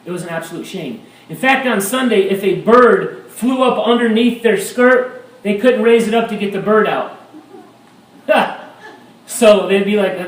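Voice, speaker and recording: A man preaching a sermon as a pastor, animated and rising to shouts at times. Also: sits high. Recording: echoey room, mic at a distance.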